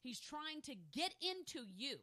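A woman preaching a sermon who reads scripture and then teaches, often checking in with her listeners and rising to loud, emphatic declarations. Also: high-pitched, sing-song, measured pace. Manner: fervent, checks in with "okay?" and "amen?".

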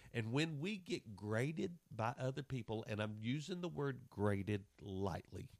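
A man with a mid-range voice preaches a sermon with passion, acting out the voices of people and scripture in his examples. There's no room sound on the recording.

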